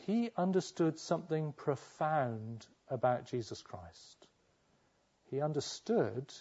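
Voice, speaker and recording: A man's voice: fairly high pitch, darkish tone, highs cut off. A man preaching a sermon, asking his listeners rhetorical questions and acting out the voices he quotes.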